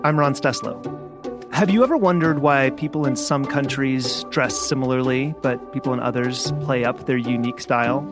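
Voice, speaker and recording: A man hosting a podcast, reading a scripted introduction and then asking his guest questions in a measured, articulate way. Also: mid-range voice, over music. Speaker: podcast host.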